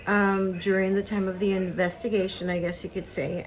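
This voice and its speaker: A woman's voice: mid-range voice, flat delivery, normal speed, few pauses, low-quality recording. Hesitant woman telling a hard story. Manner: hesitant, many fillers and restarts; choked up at times. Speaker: craft vlogger. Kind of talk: personal story vlog. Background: cartoon on TV in the background.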